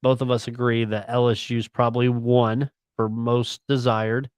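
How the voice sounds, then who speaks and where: A man's voice: mid-range voice, level tone, moderate pace, smooth, no room sound. A man co-hosting a sports radio talk show, chatting casually and slangily about college football and picks. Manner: laid-back, chatty, slangy.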